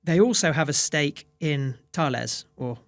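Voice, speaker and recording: A man's voice: mid-range voice, normal speed, dry recording, clean studio sound. A man, a fund manager, answering interview questions with many restarts and fillers. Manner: hesitant restarts, many "you know"s.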